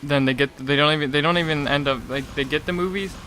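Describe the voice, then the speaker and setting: A young man tells a long, meandering story in a loose, chatty way, stumbling and restarting often. His voice has a bright, forward edge. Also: fairly high pitch, quick pace, slight background noise. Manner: rambling, lots of "like" and restarts, laughing asides. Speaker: gaming channel host. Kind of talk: casual storytelling rant.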